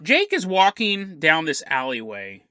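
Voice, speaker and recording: Male podcast host, animated joking storyteller; bright, forward tone. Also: a little high, unhurried, no echo, studio quality. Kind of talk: casual storytelling narration.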